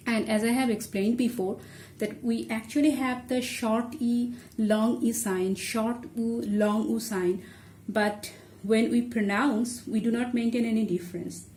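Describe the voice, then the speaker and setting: Woman teacher, unhurried and patient, step-by-step lesson delivery; roomy recording with faint ambience. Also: mid-range voice, mellow, slight background noise. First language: Bengali. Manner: patient, explaining step by step while writing. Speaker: language teacher. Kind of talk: online language lesson. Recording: echoey room with faint ambience.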